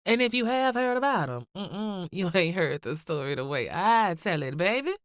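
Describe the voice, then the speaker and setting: A woman's voice: fairly low pitch, lively intonation, normal speed, no room sound, clean studio sound. Sassy woman hosting a podcast. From Georgia, US. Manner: sassy, playful, laughs often, drawls endearments. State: congested, nasal from the cold. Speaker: podcast host. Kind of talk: casual chatty podcast intro.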